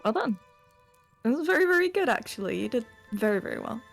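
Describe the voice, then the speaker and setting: A woman's voice: fairly high pitch, big pitch swings, fast talker, creaky, soft background music. A woman playing a tabletop game and chatting in a playful, encouraging way. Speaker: player. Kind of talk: casual tabletop chat.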